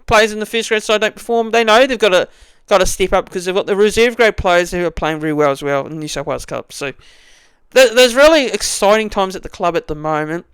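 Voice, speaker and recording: A man's voice: high-pitched, fast, fairly bright tone, clear, resonant tone, no echo. A young man giving a casual fan review, rambling with many restarts and fillers. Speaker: fan channel host.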